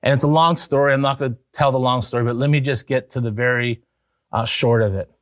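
A man preaching an evangelistic sermon as pastor, telling a story in an earnest way that rises to excited emphasis. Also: medium pitch, fast talker, dry recording, studio quality.

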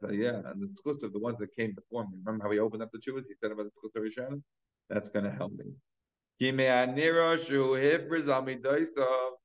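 Chatty rabbi, lower voice, lo-fi recording. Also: male voice. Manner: chatty, many fillers, mixes in Hebrew and Yiddish terms. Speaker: rabbi teaching a Talmud class. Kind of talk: casual Torah lecture. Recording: dull, lo-fi class recording.

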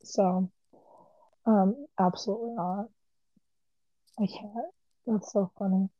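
A woman's voice: mid-range voice, steady tone, takes it slowly, no echo, dull audio. A young woman co-hosting a casual podcast chat, rambling with lots of "like". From Las Vegas area. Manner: rambling, heavy use of "like". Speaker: podcast co-host.

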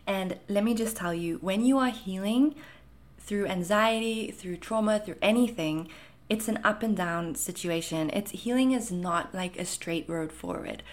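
A woman's voice: medium pitch, normal speed. Chatty woman with a mixed South African-Canadian accent. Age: 30s. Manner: reassuring, chatty, frequent fillers. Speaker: anxiety content creator. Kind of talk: casual Q&A monologue.

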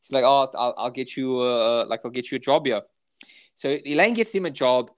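A South African man co-hosting a podcast rambles through episode recaps in casual chat, packed with filler words. His voice is mid-range and his pace moderate.

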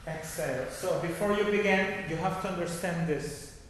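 Man leading a laughter yoga class, kinda high voice, long hall reverb, bit of noise behind. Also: moderate pace, fairly bright tone. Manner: instructive, checks in with repeated "okay?". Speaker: yoga teacher. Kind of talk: guided laughter meditation class. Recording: echoey hall with faint noise.

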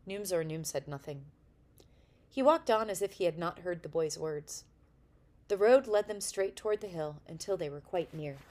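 A woman reading a children's storybook aloud with steady, clear narration. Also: fairly low pitch.

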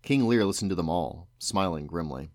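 Father reading a storybook aloud, deep voice, measured and expressive. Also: no room sound, clean studio sound.

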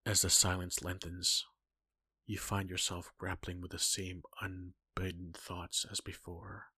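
Male story reader, low and husky with a bright edge, dry and close. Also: monotone, unhurried, no room sound. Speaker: fan-fiction reader. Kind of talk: second-person story reading.

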